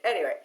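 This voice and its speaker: A woman telling a long story to her viewers in a casual, animated way, laughing often, with many fillers and restarts. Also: medium pitch. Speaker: vlogger.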